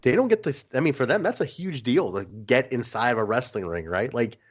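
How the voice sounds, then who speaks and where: A man co-hosting a casual podcast who tells stories with animated energy, swears freely and laughs often. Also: medium pitch, a little fast, breathy edge. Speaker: podcast co-host. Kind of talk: casual chat.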